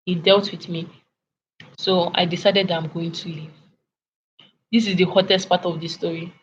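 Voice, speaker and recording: A young woman in her twenties with a Nigerian accent, telling a story casually and animatedly as a vlogger, sometimes clearing her throat. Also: on the low side, fairly even intonation, normal speed. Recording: lo-fi with faint background noise.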